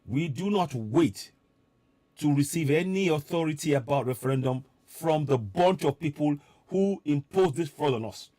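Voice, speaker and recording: A man's voice: fairly high pitch, lively intonation, moderate pace, mellow, dry recording. A man giving a fervent live-streamed address to viewers abroad, repeating his points with preaching emphasis. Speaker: political commentator addressing diaspora viewers.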